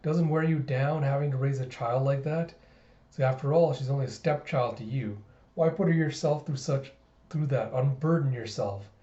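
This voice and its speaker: A man voicing a cold, scheming female spy in a cartoon recap, cool and deadpan, in a roomy, slightly dull recording. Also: medium pitch, moderate pace, close to an everyday voice.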